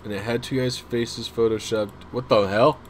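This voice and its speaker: A man's voice: medium pitch, steady tone, normal speed, a little hiss or hum. A young man chatting casually on a livestream, rambling and self-deprecating as he talks to viewers. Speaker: streamer.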